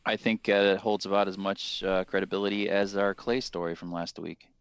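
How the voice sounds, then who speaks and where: A man co-hosting a casual podcast chat, trading dry, deadpan jokes. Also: deep voice, brisk, clean tone, muffled recording. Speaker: podcast co-host.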